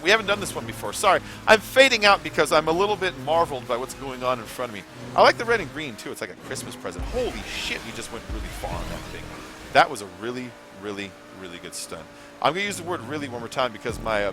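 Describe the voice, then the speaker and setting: A man hosting a live gameplay stream, chatting in a rambling, casual way, swearing now and then and reading chat messages aloud. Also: medium pitch. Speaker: gaming livestream host.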